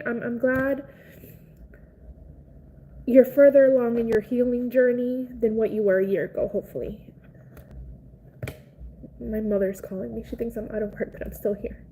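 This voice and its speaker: A woman's voice: fairly high pitch, unhurried, creaky, long pauses, warm tone, slight background noise, rough recording. A young adult woman chatting casually with viewers on a live stream. She rambles with lots of "like" fillers and speaks in an emotional, sympathetic way. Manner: sympathetic and consoling.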